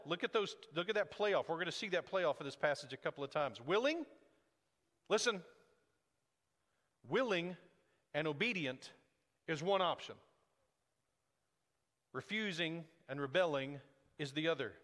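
A man preaching a sermon as pastor, reading scripture and explaining it, rising to emphatic peaks and dropping to slow, grave lines. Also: a little high, expressive, a bit bright. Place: church sanctuary. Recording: long reverb of a large hall.

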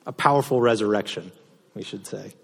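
A man pastor preaching a sermon, moving between loud impassioned passages and soft, low delivery. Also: brisk, creaky, breathy edge. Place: church sanctuary. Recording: reverberant hall sound.

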